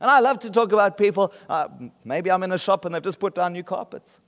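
A man's voice: high-pitched, a little fast, a bit bright, in a large hall. A man from South Africa with a South African accent, preaching a sermon in a conversational way and often checking that the listeners follow. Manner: conversational, often asks the room if they get the point. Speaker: pastor.

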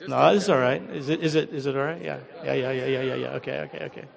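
A middle-aged American man preaching as a guest pastor, humble and halting, with many fillers. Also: medium pitch, gravelly, a faint crowd. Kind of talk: sermon. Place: large church hall. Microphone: handheld or headset mic. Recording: long church hall reverb.

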